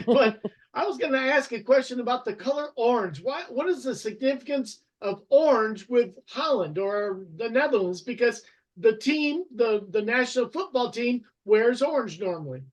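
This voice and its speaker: A woman's voice: a little high, lively intonation, moderate pace. A woman hosting a conversational interview, asking curious, chatty questions. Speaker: host.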